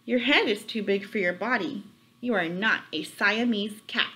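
A woman voicing an excitable young boy kitten who thinks he is a chihuahua, bouncy and exclaiming, with mock Spanish words. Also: mid-range voice, moderate pace, close to an everyday voice. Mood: excited.

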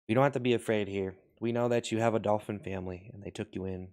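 A man with a somewhat low voice talks through an absurd comedy monologue. He sounds slow and earnest, with a sing-song lilt that leaps suddenly upward. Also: fairly even intonation, darkish tone. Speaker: comedy video creator.

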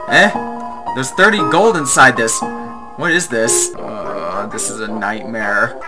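Gamer dude reacting with lots of uh and um, game music behind. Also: male voice, medium pitch, animated. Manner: reactive, halting, many fillers. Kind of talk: let's play commentary.

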